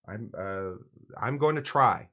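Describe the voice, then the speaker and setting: A lowish, sharp-toned male voice, slow and expressive, hosts a live cocktail show. The casual stream chat rambles along, self-deprecating and riddled with fillers and restarts.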